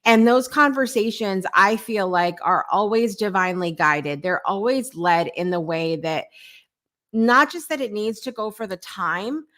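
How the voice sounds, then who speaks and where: A woman's voice: mid-range voice, animated, measured pace, a bit bright. A woman hosting a live morning talk show, chatting in an upbeat way and reading out viewer comments.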